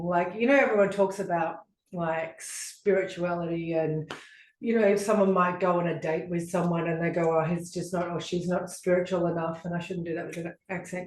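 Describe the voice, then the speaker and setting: A woman co-hosting a podcast, telling stories in casual chat with lots of fillers, sitting on a couch. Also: lowish voice. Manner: chatty storyteller, rambling with many fillers. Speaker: podcast co-host. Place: living room couch. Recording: echoey room.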